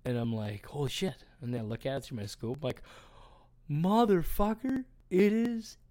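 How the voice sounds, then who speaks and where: A man's voice: medium pitch, fast, a little mellow. A man co-hosting a podcast, telling a long story in casual chat, rambling with lots of fillers and swearing. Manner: rambling, filler-heavy, profane. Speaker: podcast co-host.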